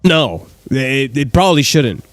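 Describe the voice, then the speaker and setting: A man's voice: medium pitch, expressive, unhurried, no echo, soft background music. A man hosting a fan talk show, giving blunt opinions and speaking directly to his viewers. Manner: opinionated, talks to a chat viewer. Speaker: host of a football fan show.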